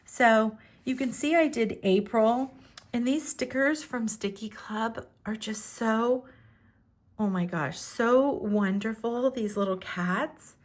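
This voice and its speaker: A middle-aged woman chatting casually to her viewers about her journals, speaking gently and softly, rambling a little with fillers. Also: a little high, slow pace. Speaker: planner and journaling vlogger.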